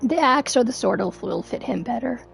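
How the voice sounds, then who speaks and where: High, gravelly-voiced woman streamer. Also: fairly quick, faint music behind. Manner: chatty, reacts loudly and excitedly to the game. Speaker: gaming streamer. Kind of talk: game playthrough commentary.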